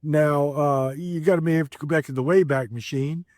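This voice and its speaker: A man's voice: a little high, steady tone, normal speed, a little mellow, dry recording, studio quality. A middle-aged man, a former wrestler, telling stories in a casual, rambling way with lots of fillers and restarts. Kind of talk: casual storytelling.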